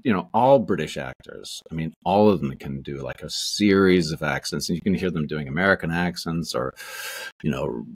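A man's voice: very deep voice, normal speed, gravelly, husky. A Canadian man, an actor, telling rambling anecdotes in a casual interview, full of restarts and fillers. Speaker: actor guest.

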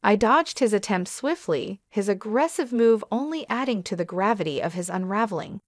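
A woman reading a scripted first-person story in a steady, even manner. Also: mid-range voice, moderate pace, few pauses, dry recording, studio quality. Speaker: narrator.

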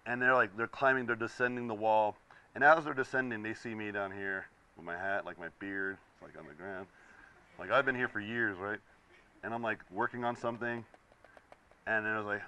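A young man talks to a classroom of students in a casual, animated way, slipping into the voices of the people in his story. His voice is low-pitched but bright and forceful. The sound is dull and lo-fi. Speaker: visiting concept artist. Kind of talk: casual talk to students while sketching.

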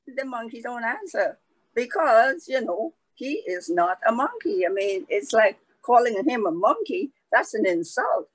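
A woman telling a folk tale aloud in a slow, conversational way, with asides to her listeners. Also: on the high side, expressive, no echo, low-quality recording. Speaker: storyteller. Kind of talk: oral folk storytelling.

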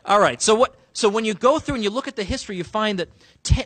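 A man giving a lively, sarcastic public speech to a room of officials, punching key words with emphasis. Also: high voice, fast, dry recording. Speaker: speaker addressing sheriffs. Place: conference room.

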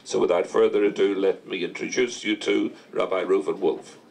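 A man acting as emcee, giving a formal, measured introduction of the evening's speaker. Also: deep voice, steady tone, vocal fry, heavy background noise. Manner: slow, measured announcing. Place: congress hall.

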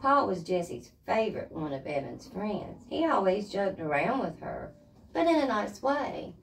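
A woman reads a children's chapter book aloud. Her voice has a gravelly edge and moves a lot in pitch. She sits a little away from the microphone. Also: normal speed, far from the mic, a little hiss or hum, rough recording. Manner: lively expressive reading. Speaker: reader.

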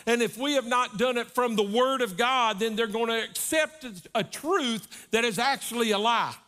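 A man's voice: very high voice, moderate pace, bright, forceful tone. A middle-aged man, a guest preacher, delivering a sermon in a folksy storytelling manner, often checking in with "right?". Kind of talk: sermon with personal stories. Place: church service.

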